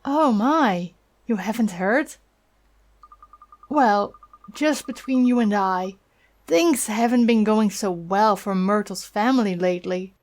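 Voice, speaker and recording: A woman reading aloud as a chatty, sentimental old woman neighbor in a game, speaking slowly. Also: mid-range voice, a little mellow, lightly acted. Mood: gossiping.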